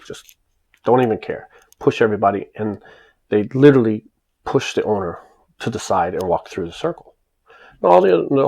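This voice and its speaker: Gravelly low-voiced American man. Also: a little mellow. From United States. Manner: emphatic, rambling with many restarts. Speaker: vlogger recounting his life in Japan. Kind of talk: casual personal storytelling.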